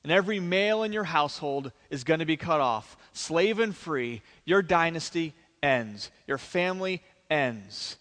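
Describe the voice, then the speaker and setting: A male pastor preaching a sermon, retelling a story with lively, animated storytelling. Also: on the high side, a little slow, hardly any pauses, big-room sound. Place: church sanctuary.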